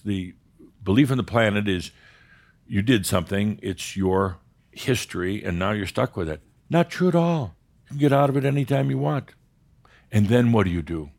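A man leading a live group session, joking with the room and pressing people to state things plainly. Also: lowish voice. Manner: animated, joking, pushes for specifics. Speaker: workshop leader.

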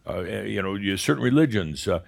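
A man with a fairly low voice leads a group workshop, steering the talk and asking people to get specific. He jokes often and his delivery swings from quiet asides to sudden loud bursts. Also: a little fast, creaky. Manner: animated, joking, pushes for specifics. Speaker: workshop leader. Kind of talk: live group session talk.

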